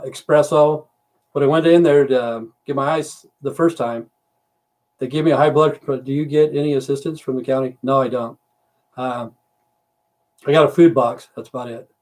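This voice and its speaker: A man's voice: mid-range voice, a little mellow. A man in his fifties or sixties from the United States, rambling bluntly and swearing freely while chatting to viewers on a home livestream. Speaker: livestream host. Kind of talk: casual livestream rant. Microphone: computer mic on a livestream.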